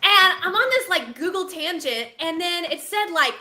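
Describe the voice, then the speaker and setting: High bright-voiced lady co-host, super animated, laughs a lot telling stories. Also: moderate pace, crowd noise. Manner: animated storyteller, laughs often. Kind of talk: casual live-stream chat.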